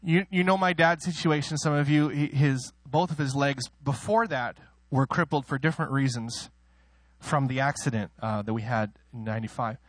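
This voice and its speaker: A man preaching a sermon, emotional in delivery, moving between soft personal asides and loud, soaring declarations, with self-deprecating laughs. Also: fairly even intonation, moderate pace, no echo. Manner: emotional, swings from soft asides to loud high-pitched exclaiming; laughs at himself between points.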